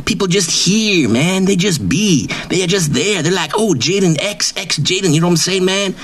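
A swaggering, self-proclaimed legend of wrestling writing, as a man puts him on for a comedy bit. He brags nonstop in a raised, lively voice that leaps up and down. He leans on the same catchphrases over and over. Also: high-pitched, normal speed, pitched above the performer's own voice, full character voice. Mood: boastful. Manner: brash bragging, repeats catchphrases, drawls "man" constantly. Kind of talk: comedic improvised character bit.

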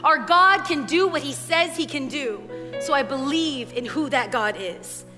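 A woman preaching a sermon in a church, animated and acting out voices as she tells the story. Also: high-pitched, measured pace. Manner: animated, acts out voices in quotes. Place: church sanctuary. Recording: long hall reverb. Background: soft worship music.

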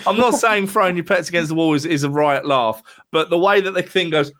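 A man's voice: on the high side, fairly quick, a bit bright. A man co-hosting a casual film podcast, swearing freely and acting out scenes in silly voices. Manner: sweary, jokey, acts out bits in silly voices. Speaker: podcast co-host. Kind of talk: casual film review chat.

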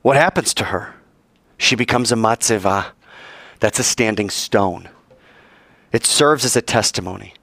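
A male preacher delivering a dramatic sermon, acting out the voices of the story and climbing high in pitch to stress his points. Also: unhurried, creaky, long pauses, a bit bright, no room sound. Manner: dramatic, acts out voices and soars in pitch for emphasis.

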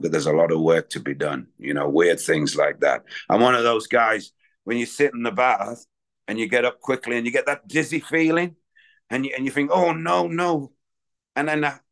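A man's voice: low-pitched, a bit bright. A man speaking candidly and in a rambling way at a recovery meeting, sharing his own story. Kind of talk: personal recovery share.

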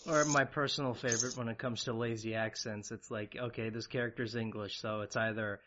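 A man's voice: medium pitch, steady tone, a little fast. A man hosting an interview, chatting casually and jokingly. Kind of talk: casual conversation. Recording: muffled, crowd noise behind.

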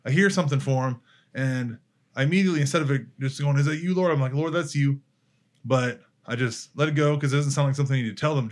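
A young man casually telling a faith story, acting out the dialogue as he goes. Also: a little high. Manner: animated storyteller, acts out dialogue, laughs easily. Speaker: podcast guest. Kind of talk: casual faith testimony chat.

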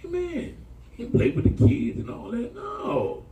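A man preaching in a high, lively voice, swooping up and down as he tells stories to his congregation. His tone is dark and mellow, and he sounds set back from the mic in an echoey church. He talks in a loose, colloquial way. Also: a little slow. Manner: animated, colloquial, calls out to the congregation. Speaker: pastor. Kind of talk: sermon storytelling. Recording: echoey room from far off.

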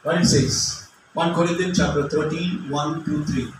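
A middle-aged man preaching with passion and non-native phrasing, now and then shouting, recorded from a distance in a large hall. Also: fairly high pitch, steady tone, moderate pace. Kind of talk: sermon. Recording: echoey hall from far off, faint noise.

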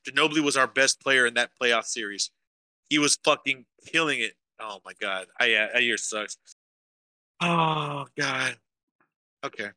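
A young man co-hosts a casual podcast, his medium-pitched voice pushed and bright on a dry recording as he speaks unhurriedly. He swears a lot and rants emotionally about sports to his live chat.

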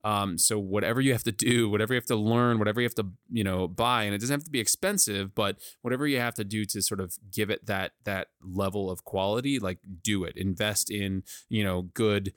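A man, a guest on a podcast, chatting casually and excitably in quick bursts into a studio mic with a pop filter. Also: lowish voice, clean tone, no room sound. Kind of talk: casual chat. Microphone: studio mic with pop filter on a swinging arm.

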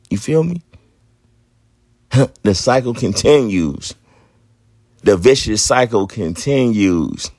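A man's voice: medium pitch, vocal fry, a little mellow, husky, dry recording, clean studio sound. A man in his thirties hosting a podcast, telling his own story in blunt, profane street talk. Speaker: podcast host. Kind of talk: candid personal monologue.

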